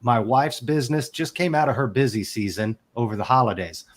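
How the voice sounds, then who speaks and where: A man's voice: medium pitch, lively intonation, a little fast. A man in his forties, a podcast guest telling a personal story in a candid, emotional way and swearing casually. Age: 40s.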